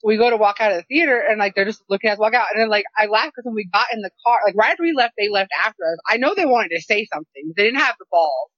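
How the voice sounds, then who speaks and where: A woman cohosting a casual chat, telling a story with animated, profane exasperation. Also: medium pitch, very fast, hardly any pauses, dry recording. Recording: dry, slightly dull lo-fi sound.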